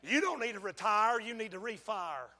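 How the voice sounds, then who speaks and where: A man preaching a fiery sermon in a large church, swinging from hushed pleading to shouting. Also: high-pitched, animated, moderate pace. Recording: long church hall reverb.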